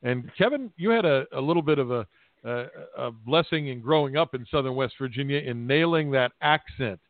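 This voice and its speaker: A man's voice: medium pitch, expressive, a little fast, no echo. A man hosting a podcast interview, asking long, rambling questions. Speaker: podcast host. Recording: tinny phone-like audio.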